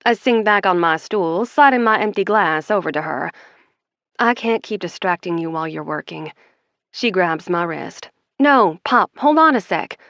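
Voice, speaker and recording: A woman's voice: fairly low pitch, moderate pace, fairly bright tone, dry recording, clean studio sound. Woman narrating a first-person romance. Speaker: audiobook narrator.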